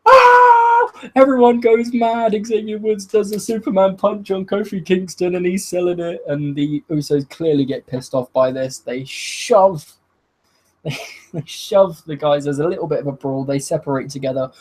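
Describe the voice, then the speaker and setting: A man giving a solo review of a wrestling show, excitable and laughing, swearing often and acting out what the wrestlers said. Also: fairly high pitch, moderate pace, low-quality recording. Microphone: video call.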